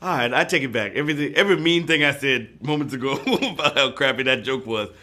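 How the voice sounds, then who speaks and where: A man's voice: medium pitch, fast talker, sharp tone. A man hosting a live trivia game show, joking playfully and breaking into whoops and sung bits.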